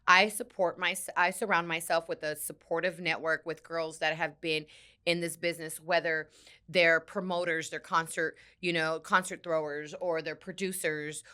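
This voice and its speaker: A woman's voice: low voice, level tone, normal speed, bright, forceful tone, clear, resonant tone. A woman radio personality as a guest on an interview podcast, speaking candidly and emphatically. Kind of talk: casual interview chat.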